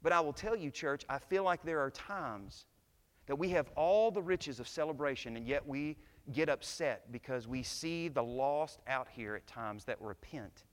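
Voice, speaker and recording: A man preaching a sermon to his church, telling stories and building to loud, impassioned climaxes. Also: on the high side, expressive, moderate pace, in a large hall. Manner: preaching, swells to shouts at climaxes. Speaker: pastor. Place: church sanctuary.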